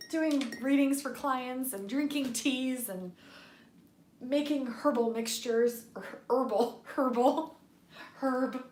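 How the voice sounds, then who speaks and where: Bubbly woman hushing her voice. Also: a little high, reverberant, slight background noise. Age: adult with a young daughter. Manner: bubbly, giggly, often drops to a hushed voice. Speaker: tarot reader streaming live. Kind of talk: casual live-stream chat. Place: home workspace at night.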